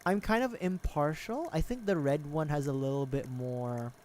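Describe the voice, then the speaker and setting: A man with a fairly high, darkish voice streams a life-sim game at a moderate pace, with a little hiss or hum in the audio. It's casual gaming livestream chat: he rambles jokingly to his viewers and laughs often.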